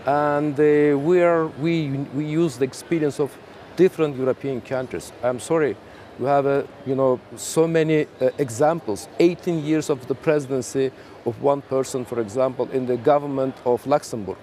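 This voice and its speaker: Ambassador; dark, mellow voice; measured diplomatic English; faint background noise. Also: male voice, mid-range voice, fairly even intonation. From Azerbaijan. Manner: measured, diplomatic, non-native English with fillers. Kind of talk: round table discussion.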